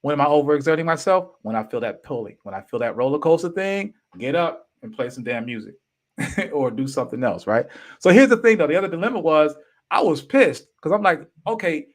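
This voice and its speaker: Animated man in his fifties telling a story. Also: on the high side, fairly quick. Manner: animated and emphatic, casual slang. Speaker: podcast host. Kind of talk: personal storytelling.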